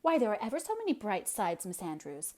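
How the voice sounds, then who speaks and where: A woman's voice: medium pitch, wildly swooping pitch, a little fast, dark tone. Storybook: earnest idealistic teen girl, voiced by a woman narrator. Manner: enthusiastic, earnest. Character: earnest idealistic sixteen-year-old girl.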